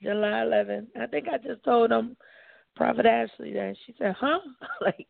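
Gravelly woman caller on a phone line. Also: on the high side, moderate pace, dry recording. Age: 40s. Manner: soft-spoken and grateful. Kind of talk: call-in conversation. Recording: tinny dry phone line.

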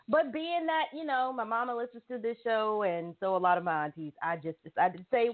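A woman's voice: on the high side, brisk, narrow, tinny audio. A woman from South Carolina with a Southern US accent, hosting a talk show in a chatty, teasing way and talking straight to her listeners. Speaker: show host. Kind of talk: casual talk show chat.

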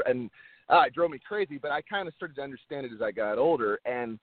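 A man's voice: medium pitch, lively intonation, fast talker, no echo. A man, an actor being interviewed, talking earnestly and casually, often repeating words as he restarts. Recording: tinny phone-like line, dry.

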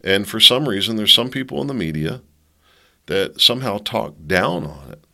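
A man's voice: fairly low pitch, expressive, moderate pace, creaky, sharp tone. A man hosting his own podcast from his basement, talking in a rambling way with many restarts. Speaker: podcast host. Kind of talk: casual opinion monologue. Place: home basement.

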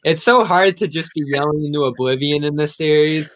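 A man's voice: on the high side, fairly quick, fairly bright tone. A man chatting casually about sports on a podcast, chatty and laughing often.

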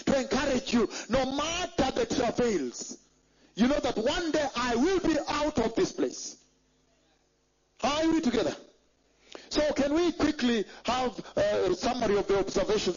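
A man's voice: very high-pitched, a little mellow. A man preaching a sermon in an emphatic way, repeating phrases and checking that the congregation follows. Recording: dull lo-fi recording.

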